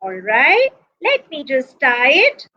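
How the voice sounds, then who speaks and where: Bright, slow-paced woman storyteller for kids. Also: high voice, highs cut off. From India. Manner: animated, slow and expressive, drops to whispers, sings refrains. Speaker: storyteller for preschool children. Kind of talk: storytelling to young children.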